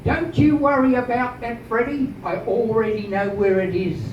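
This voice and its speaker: A man's voice: extremely high pitch, fairly even intonation, normal speed, pitched above the performer's own voice. A man voicing a portly, scheming colonial shipping man who talks in a showy, coaxing way. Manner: showy, coaxing, slyly persuasive. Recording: echoey, distant, dull noisy room recording.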